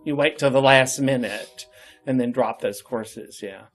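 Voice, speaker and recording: A man's voice: mid-range voice, a little slow, faint music behind. A man being interviewed, telling long stories about his work in theater in a casual, chatty way with frequent laughter. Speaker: interview guest.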